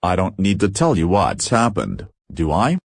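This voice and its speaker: A grim prison governor, read by a man narrating a story, clipped and full of scorn. The voice is low, and the recording is close and dry with no room sound. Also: wildly swooping pitch, normal speed, slightly rough, no echo, exaggerated voice. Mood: stern, scornful. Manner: curt, scathing.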